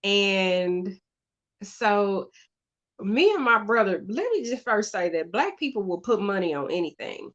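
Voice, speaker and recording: A woman hosting her own show, telling a story in a casual, chatty way, halting with fillers and restarts, on a slightly dull, lo-fi recording. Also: mid-range voice, big pitch swings, a bit bright. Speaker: podcast host.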